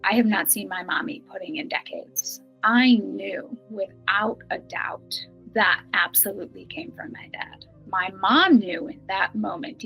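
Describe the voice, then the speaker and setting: A middle-aged woman telling a personal story earnestly, some lines hushed and some bright. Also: mid-range voice, gravelly, slightly rough, highs cut off. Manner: earnest, emotional, shifts between hushed and bright. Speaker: guest telling her experience.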